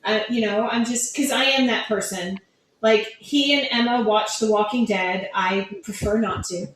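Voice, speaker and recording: A woman's voice: mid-range voice, moderate pace, a bit bright, very echoey, slight background noise, poor audio. A middle-aged woman author telling stories about her writing in a casual interview, acting out family members' lines as she goes. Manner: chatty storytelling, acts out family quotes. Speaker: author guest.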